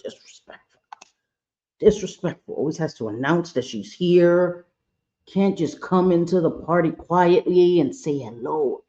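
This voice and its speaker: A woman with a warm, mellow voice talks through her makeup routine in a relaxed, chatty way. She is candid and playful and throws in sassy little asides. The sound is a bit dull and lo-fi, like a home recording. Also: on the low side, measured pace. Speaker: makeup vlogger. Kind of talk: casual makeup tutorial chat.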